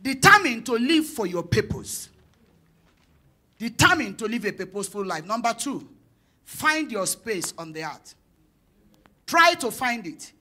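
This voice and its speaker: A woman pastor preaching a sermon, telling a personal story and acting out the dialogue, building up to shouted declarations. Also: a little high, sing-song, a little slow, pauses often. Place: church conference hall.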